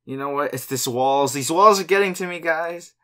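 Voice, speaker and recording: A man's voice: on the high side, normal speed, sharp tone. A young man co-hosting a podcast in casual chat, playful and giggly, jumping from idea to idea. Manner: playful, giggly, jumps between ideas. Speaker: podcast co-host.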